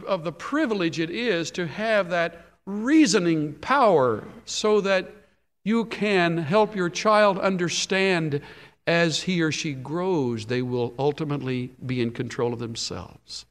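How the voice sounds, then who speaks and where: A male pastor preaching a sermon, emphatic, rising and dropping sharply in loudness and pitch. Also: a little slow, in a large hall.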